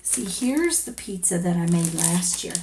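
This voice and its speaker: A woman teacher reading a picture book aloud to young children in a gentle, playful storyteller manner. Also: on the low side, sing-song, a little slow, slight background noise.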